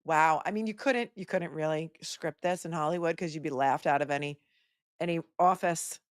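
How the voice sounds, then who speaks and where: A woman attorney hosting live trial commentary, reacting with sarcastic, animated asides. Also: low-pitched, moderate pace, dry recording, clean studio sound.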